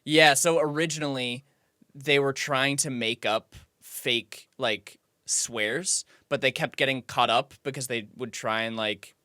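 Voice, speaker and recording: A man co-hosting a podcast in casual comedic chat, telling stories in a relaxed way with dry asides. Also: mid-range voice, measured pace, no echo. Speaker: podcast co-host.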